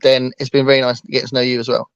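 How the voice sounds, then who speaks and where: A man's voice: medium pitch, completely flat delivery, very fast, clear, resonant tone, dry recording, muffled recording. A man co-hosting a casual book chat, rambling with lots of fillers and restarts. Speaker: booktuber co-host.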